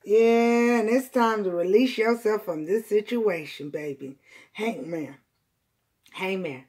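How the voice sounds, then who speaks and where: A woman reading tarot cards for her viewers, blunt and profane, repeating lines for emphasis and swinging between loud outbursts and quiet, emotional asides. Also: mid-range voice, takes it slowly, husky. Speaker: tarot reader.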